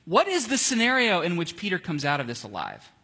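A man leading a casual Bible study, animated and jokey, acting out scenes as he reads. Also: high voice, brisk, husky.

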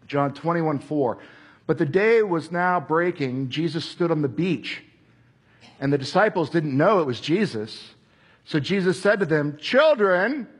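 A man's voice: fairly high pitch, husky. A man preaching a sermon in a conversational way, acting out quoted voices and at times dropping to a whisper. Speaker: pastor.

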